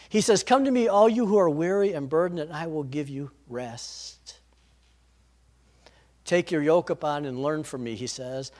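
A man with a high-pitched voice delivers a sermon. He builds to loud, urgent passages, then sinks into soft, prayerful tones. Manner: swings between loud urgent preaching and hushed prayerful tones. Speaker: pastor.

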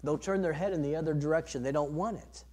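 A man preaching a sermon, earnest, rising to emphatic peaks and then dropping soft. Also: fairly high pitch, fast talker. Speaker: pastor.

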